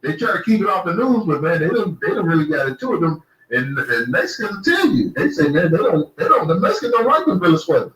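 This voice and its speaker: A man's voice: fairly high pitch, sing-song, a little fast, a bit bright. A man hosting a casual, profane chat, rambling through stories and asking questions. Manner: laid-back, rambling, asks questions. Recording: roomy echo, distant mic.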